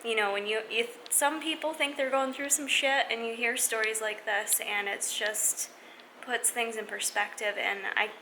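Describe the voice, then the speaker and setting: A young adult woman vlogging to camera, speaking in an earnest, halting way with many restarts. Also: a little high, steady tone, sharp tone, slight background noise, rough recording. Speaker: fitness vlogger. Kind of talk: casual vlog talk to camera.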